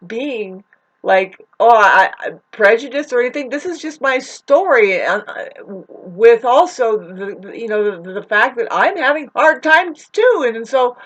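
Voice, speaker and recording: This vlogger's voice is fairly high, fairly bright, and slightly rough as she vents on camera without a script. Upset and near tears, she rambles, curses, and keeps circling back to restart her sentences.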